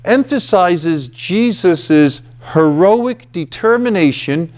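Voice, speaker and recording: A man delivering a reflective scripture talk in a slightly high voice. He speaks slowly and deliberately. He leans on key words for emphasis and keeps checking in with his listeners. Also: animated, a little mellow. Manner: deliberate, emphatic, with frequent "okay" and "you know". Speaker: retreat house presenter.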